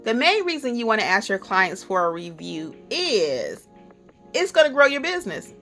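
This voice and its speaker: Woman notary educator, bright and a touch high, chatty how-to delivery, faint music bed. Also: normal speed. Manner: chatty, animated, acts out little client dialogues. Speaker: notary educator and channel host. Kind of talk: upbeat how-to tips to camera.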